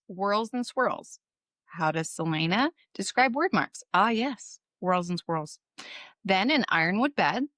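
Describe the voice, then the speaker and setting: A woman's voice: a little high, a bit bright, dry recording, studio quality. A woman co-hosting a book podcast, chatting casually and curiously, swearing now and then. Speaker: podcast co-host. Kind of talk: casual book discussion chat.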